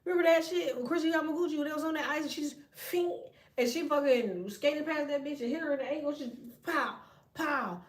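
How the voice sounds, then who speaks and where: A woman in her thirties with a high voice rants to her viewers in a loose, profane run of stories and jabs. She talks bluntly, with heavy cursing and a lively, storytelling push. Her voice sits a little back from the microphone. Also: brisk, far from the mic. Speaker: tarot reader and vlogger. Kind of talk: profane casual rant to viewers.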